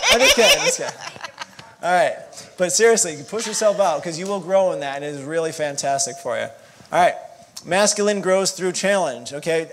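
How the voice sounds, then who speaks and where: Man, marriage counselor, slightly high voice, casual, jokey. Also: slight background noise. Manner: jokey, casual, self-deprecating. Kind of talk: church marriage teaching.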